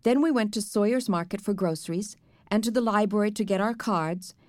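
A woman narrating a children's book in the first person with an even storytelling delivery. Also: mid-range voice, brisk, no room sound. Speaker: audiobook narrator.

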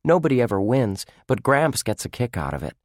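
A man's voice: medium pitch, sing-song, brisk, dry recording, clean studio sound, pitched above the performer's own voice. Man voicing a glum boy, Lucky. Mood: explaining. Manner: glum, explaining. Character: boy upset about a theft.

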